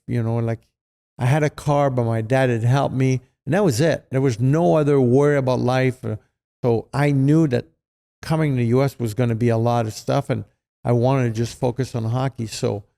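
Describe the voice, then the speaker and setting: Gravelly French-Canadian man telling stories. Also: medium pitch. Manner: animated, acts out quoted voices, frequent fillers. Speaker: guest, retired hockey player. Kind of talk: casual storytelling.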